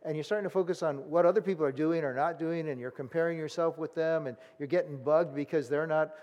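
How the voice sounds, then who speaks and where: A man preaching a sermon in a conversational, animated way, acting out the voices of people in the story. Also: a little high, fast, in a large hall, dull audio. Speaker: pastor.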